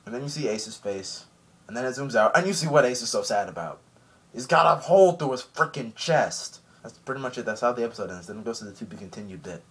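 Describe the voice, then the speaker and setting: Animated husky guy recapping an anime. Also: mid-range voice, fast talker. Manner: animated, rambling with many fillers. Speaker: anime reviewer. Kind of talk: casual episode recap and review.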